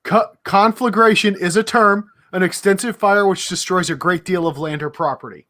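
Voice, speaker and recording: A man's voice: high-pitched, moderate pace, pushed and bright. A man co-hosting a casual podcast, cracking jokes and playing with words.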